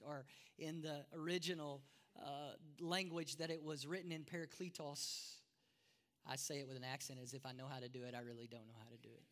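A man's voice: medium pitch, fairly bright tone. A man preaching a sermon as pastor, emphatic, with self-deprecating asides, in a church sanctuary. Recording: long reverb of a large hall.

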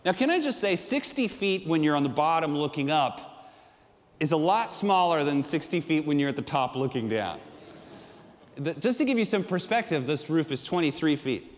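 A middle-aged male pastor preaching a sermon, telling stories with energy and swinging from loud to hushed. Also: on the high side, sing-song, moderate pace, big-room sound.

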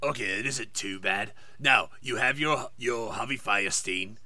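A man's voice: medium pitch, a little slow, bright, forceful tone, dry recording. A man on a casual podcast, coaching a friend step by step on how to do a voice. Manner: coaching, instructive. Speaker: podcast co-host. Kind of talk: casual chat.

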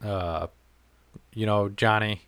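A man's voice: fairly low pitch, fairly even intonation, takes it slowly, a bit bright, dry recording. A man in casual conversation, telling a long story in a rambling, self-correcting way and swearing freely.

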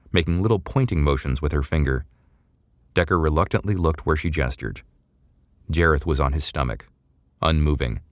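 Very deep-voiced male narrator. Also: no echo, studio quality. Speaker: audiobook narrator. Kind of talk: scripted narration.

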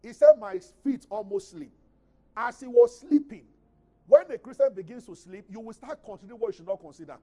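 A male pastor with a Nigerian English accent delivers a sermon fairly quickly, his high voice full of lively intonation. Loud, emphatic scripture passages give way to quiet, conversational asides and back again.

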